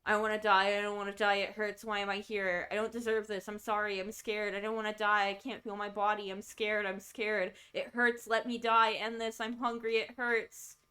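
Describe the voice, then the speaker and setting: A woman's voice: medium pitch, level tone, moderate pace, few pauses, pushed and bright, clean tone, close to an everyday voice. A woman voicing a frightened, dying ghost who begs and repeats that it is scared and in pain. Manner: pleading, repetitive whimpering.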